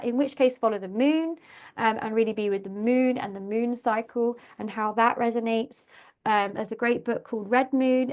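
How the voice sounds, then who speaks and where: A woman hosting a podcast, speaking in a candid, casual monologue, swearing freely and repeating words for emphasis. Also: a little high. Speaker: podcast host.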